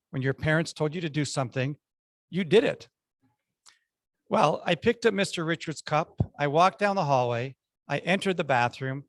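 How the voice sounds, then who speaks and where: A man's voice: fairly high pitch, no room sound. A man giving a prepared club speech, telling childhood stories with punchy numbered lessons.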